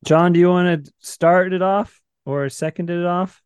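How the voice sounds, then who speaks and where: Mid-pitched host who runs the talk playfully, recorded dry and close. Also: steady tone, a little slow, darkish tone, clear, resonant tone, dry recording. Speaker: podcast host. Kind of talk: casual chat.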